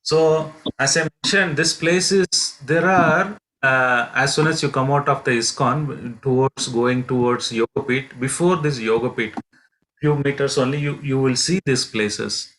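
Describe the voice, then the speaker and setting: A man, teaching as a pilgrimage guide, telling devotional stories in a halting way with many fillers and restarts. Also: mid-range voice, fairly bright tone, low-quality recording. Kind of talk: devotional storytelling lesson.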